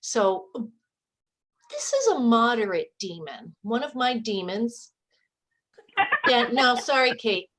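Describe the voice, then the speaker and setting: Woman, unhurried, candid, joking asides, fairly high voice. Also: big pitch swings, a bit bright. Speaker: improv performer. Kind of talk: storytelling monologue.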